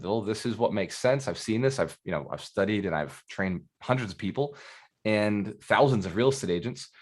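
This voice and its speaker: A man who mentors in real estate gives a live coaching talk, speaking directly and energetically and asking his audience questions. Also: lowish voice.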